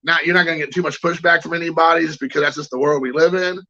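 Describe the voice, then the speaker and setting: A man's voice: a little high, steady tone, rapid-fire, vocal fry, bright, forceful tone, lo-fi sound. A man hosting a collecting show, telling a rambling anecdote in casual chat and greeting viewers. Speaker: card collecting show host.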